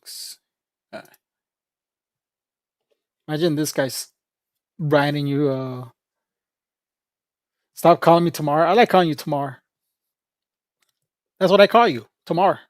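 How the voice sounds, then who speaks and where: A man's voice: a little high, a little slow, pauses often, no echo, clean studio sound. A man livestreaming in a casual, rambling chat, joking with viewers, laughing often and calling people "bro".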